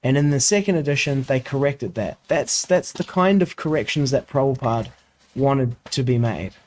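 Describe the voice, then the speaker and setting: A man's voice: medium pitch, animated, normal speed, darkish tone. A man in a casual study discussion, explaining editing details and thinking aloud with frequent restarts. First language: English. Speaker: co-host discussing scripture editions.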